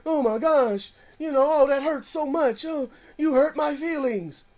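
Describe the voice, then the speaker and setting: A man's voice: very high-pitched, measured pace, darkish tone, voice pushed up. A man putting on a melodramatic, wounded complainer. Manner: whiny, melodramatic. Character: easily offended, wounded adult complaining.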